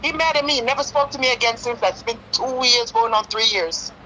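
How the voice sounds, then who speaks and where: A woman's voice: fairly high pitch, fairly quick, sharp tone, a little hiss or hum, rough recording. A woman in her fifties calling in to a talk show, pleading and telling a hurtful story at length. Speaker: caller. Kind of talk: call-in radio talk.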